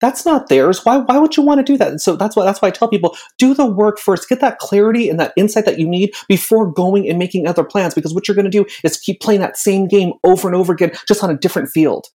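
Fast-talking blunt man. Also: high voice, dark tone. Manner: blunt, emphatic, repeats words when starting. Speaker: psychic medium guest. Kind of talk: casual podcast chat.

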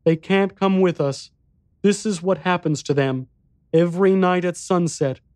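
A small, solemn boy, as a man puts on a raised child's voice. He speaks in a high voice, quiet and grave, flatly stating grim facts. The voice sits dry and close. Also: unhurried, no room sound. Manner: quiet, grave, matter-of-fact.

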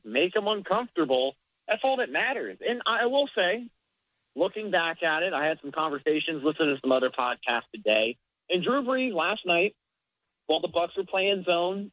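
A man's voice: on the high side, big pitch swings, moderate pace, no echo. A man co-hosting a casual sports podcast, explaining plays in an analytical way. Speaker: podcast co-host. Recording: dull lo-fi dry sound.

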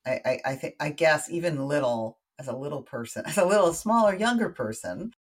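An American woman, a guest on an interview show, spinning out a personal story in easy conversation. She is animated and chatty, and she keeps dropping wry little asides as she goes. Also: sits low, fairly quick, husky. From United States.

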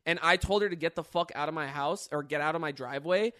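A young man hosting a casual chat and telling a story in an animated way, full of fillers and swearing. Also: on the high side, quick pace. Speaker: YouTuber host.

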